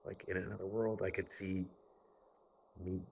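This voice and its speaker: A man's voice: low-pitched, flat delivery, moderate pace, vocal fry, a little mellow, slight background noise. A man from the United States telling a personal story in a casual, rambling monologue, swearing often. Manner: profane and rambling, with frequent fillers. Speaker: vlogger.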